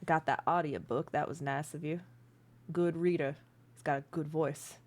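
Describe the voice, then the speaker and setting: A woman's voice: low voice, fairly even intonation, normal speed, darkish tone. A woman voicing a timid, eager-to-please old male helper with cloudy eyes. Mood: bashful.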